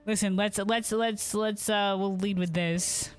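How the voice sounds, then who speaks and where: A woman's voice: medium pitch, steady tone, a little slow, clear, resonant tone, faint music behind. A young woman streaming a video game, chatting casually; she laughs often, swears, and restarts her sentences as she rambles. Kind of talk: casual live-stream chat.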